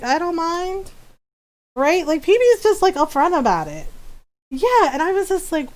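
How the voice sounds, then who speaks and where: A woman streamer chatting casually with viewers, laughing often and acting out quotes in a lively retelling. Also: high voice. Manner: giggly, animated retelling with acted-out quotes.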